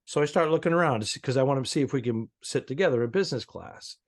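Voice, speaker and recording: A man's voice: mid-range voice, quick pace. A middle-aged man co-hosting a comedy podcast, telling profane, ranting stories in casual banter. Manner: ranting, profane, animated storytelling. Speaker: podcast co-host.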